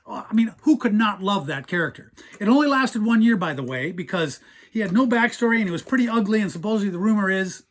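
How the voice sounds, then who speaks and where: A man's voice: high voice, animated, quick pace. A man hosting a casual show-and-tell about old toys, chatty and enthusiastic. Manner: enthusiastic, chatty, imitates toy sounds. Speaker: toy collector host.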